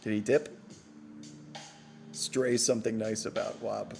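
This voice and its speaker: A man's voice: lowish voice, flat delivery, slow, vocal fry, a little mellow, soft background music. A man hosting a casual live postgame show, bantering playfully with his audience and teasing himself. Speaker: podcast host.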